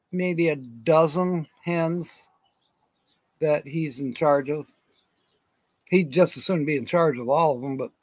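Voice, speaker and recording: A man's voice: fairly high pitch, no room sound. A man hosting a casual live stream outdoors, rambling and chuckling as he answers viewers by name. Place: outdoors in sunshine.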